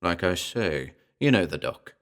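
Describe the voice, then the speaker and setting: A man's voice: low voice, animated, measured pace, fairly bright tone. A man voicing a huge talking gorilla who growls his words but speaks with wry, slangy street talk in a horror storybook reading. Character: educated talking gorilla, huge, gruff, wisecracking.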